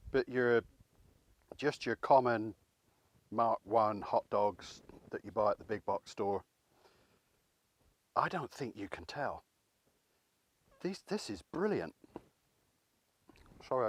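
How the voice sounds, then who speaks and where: An English man chats his way through a home cooking demonstration, easygoing and a bit rambling. He talks to the camera like a friend, with an ordinary middle pitch. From England. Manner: chatty, rambling, self-deprecating. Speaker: cooking channel host.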